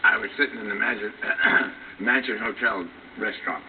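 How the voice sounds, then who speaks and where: An older man, an actor guest on a talk show, telling a story in a dry way and clearing his throat often. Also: lowish voice, steady tone, moderate pace. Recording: distant tinny TV broadcast capture, hissy.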